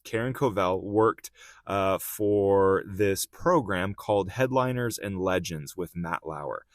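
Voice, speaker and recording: Man, podcast host, storytelling, casual fillers, deeper voice, dry mic. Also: slow, no echo. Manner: animated retelling, quoting people in a raised voice; conversational, filler "like" and "uh".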